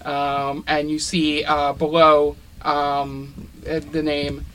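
Man running a tabletop game, fairly high voice, halting descriptive narration, faint background noise. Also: monotone, fairly bright tone, low-quality recording. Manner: descriptive, filler-heavy with many ums. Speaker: game master.

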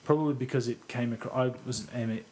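Guy rambling about a movie on a podcast, kinda self-deprecating, swears a bit, normal pitch. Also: fairly even intonation, fast talker, a little mellow, slight background noise. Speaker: podcast co-host. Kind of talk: casual film review chat.

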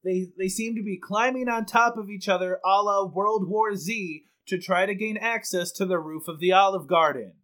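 A man's voice: high-pitched, normal speed, few pauses, fairly bright tone. A man playing an earnest on-scene news correspondent in a comedy improv bit, with a mock-serious delivery.

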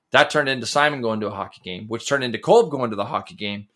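Excitable guy rambling thru a story on a podcast, bright forward voice, trips over words a lot. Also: mid-range voice, fast talker, few pauses. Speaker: podcast co-host. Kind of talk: casual chat.

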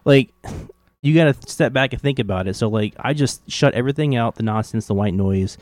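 A man's voice: mid-range voice, a little fast, darkish tone, no echo. A man from Kentucky with a faint Southern accent, chatting casually on a podcast with lots of fillers. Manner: rambling, many "like" and "you know" fillers. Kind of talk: casual conversation.

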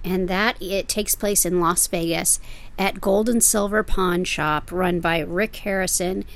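Relaxed-paced woman host, chatty storyteller. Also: lowish voice, measured pace. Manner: storytelling, animated. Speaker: podcast co-host. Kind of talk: casual chat.

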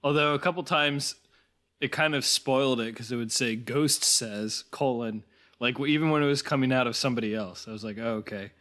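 Bright-voiced man musing about a film. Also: medium pitch, fast. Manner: thoughtful, hesitant with restarts. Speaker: podcast co-host. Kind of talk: casual film review chat.

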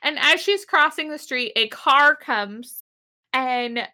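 Young woman co-host, high and bright, animated storyteller who acts out the characters. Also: takes it slowly. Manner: animated retelling, acts out characters, laughs often. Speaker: podcast co-host recapping an episode. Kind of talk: casual chat.

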